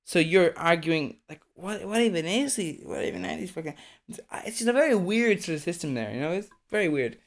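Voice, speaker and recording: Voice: medium pitch, animated, brisk. A streamer giving casual live commentary on a video, blunt, swearing often and restarting sentences.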